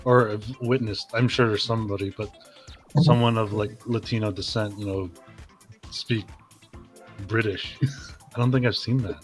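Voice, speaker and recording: A man's voice: fairly low pitch, steady tone, normal speed, pauses often. A young man chats casually as a podcast co-host. He laughs often and keeps prodding the others with playful questions. Faint music plays behind him. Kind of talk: casual chat.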